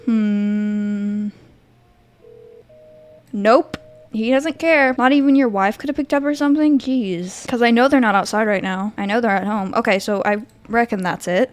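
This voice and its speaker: A woman's voice: mid-range voice, unhurried. A teenage girl giving sarcastic, reactive commentary while playing a game. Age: teens. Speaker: gamer. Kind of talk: let's play commentary.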